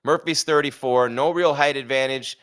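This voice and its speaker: A man's voice: medium pitch, normal speed, fairly bright tone, clean tone. A man hosting a live fight stream, chatting casually with jokes and rhetorical questions. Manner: reads sponsor ad.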